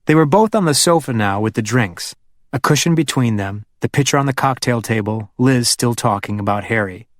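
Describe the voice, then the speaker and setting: A man narrating a crime audiobook in an even, measured way, dropping low and quiet for the terse lawman's lines. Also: no room sound, studio quality.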